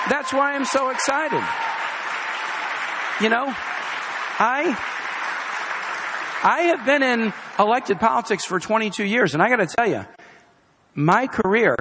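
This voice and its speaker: A man's voice: high voice, fairly bright tone, big-room sound, a little hiss or hum. A middle-aged man giving a campaign rally speech, emphatic, repeating key phrases for effect. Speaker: political campaign speaker. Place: outdoor or hall campaign rally with a crowd. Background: faint crowd.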